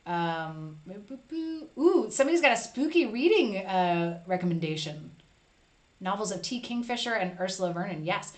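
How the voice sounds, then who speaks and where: A woman's voice: medium pitch, lively intonation, brisk. Chatty woman hosting a live stream. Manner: chatty, reads chat aloud, playful asides. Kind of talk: casual live stream chat.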